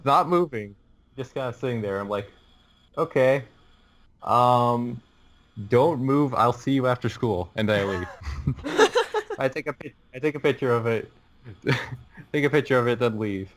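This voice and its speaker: A man's voice: mid-range voice, moderate pace, long pauses, a bit bright. A teenage boy on a podcast telling a long rambling story, laughing through it and restarting his sentences. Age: teens. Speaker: podcast co-host. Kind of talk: casual storytelling chat.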